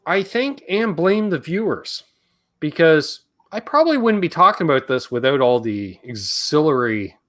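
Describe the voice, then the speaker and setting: A man's voice: fairly high pitch, big pitch swings, moderate pace, a bit bright. A Canadian man hosting a live Q&A stream, casual and rambling, joking around and reading chat comments aloud.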